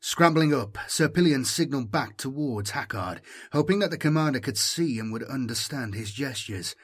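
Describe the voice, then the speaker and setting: A man narrating an audiobook in a measured, dramatic manner. His voice is husky and sits at an ordinary pitch. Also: animated. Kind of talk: scripted narration.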